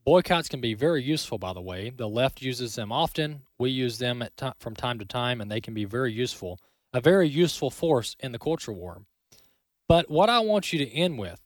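A man's voice: fairly high pitch, fairly bright tone. A man hosting an opinion commentary segment. He speaks emphatically, often repeats words and ends points with "all right?". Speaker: host.

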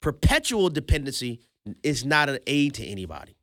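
A man's voice: mid-range voice, wildly swooping pitch, fairly quick, a bit bright, dry recording, clean studio sound. A man hosting a political commentary show, playful and emphatic, repeating points and laughing often.

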